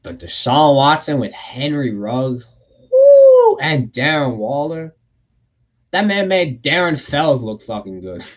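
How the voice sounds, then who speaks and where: A man's voice: medium pitch, animated, unhurried, dull audio. A young man hosting a casual livestream Q&A from his bedroom, reading out chat questions and talking freely with plenty of swearing. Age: young adult. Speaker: livestream host.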